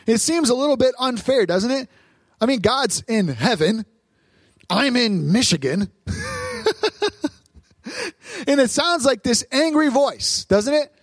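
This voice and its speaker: A pastor preaching a lively sermon at a church service, his voice sitting fairly high for a man. He asks the crowd questions and acts out the voices in his stories. The sound is dry, with almost no room in it. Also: slow pace, pauses often, dry recording.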